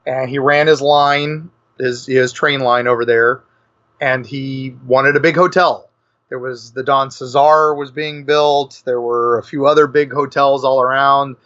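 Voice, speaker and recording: A man's voice: mid-range voice, fairly even intonation, unhurried, a bit bright. A man, a guest author, telling a rambling, enthusiastic story in a casual podcast chat. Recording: lo-fi dull podcast audio.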